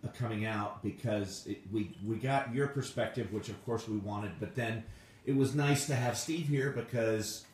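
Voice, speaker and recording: A male interviewer thanking his guests, speaking haltingly with many fillers. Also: lowish voice, darkish tone. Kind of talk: interview wrap-up. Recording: echoey room, distant mic, faint noise.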